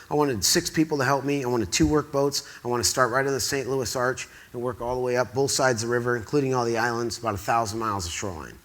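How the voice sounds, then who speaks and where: A man from the Quad Cities telling a rambling story on a theatre stage, acting out the dialogue as he goes. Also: medium pitch. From Quad Cities, US Midwest. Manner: excitable, rambling, acts out quoted dialogue. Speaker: speaker at an awards event. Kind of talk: storytelling to a live audience.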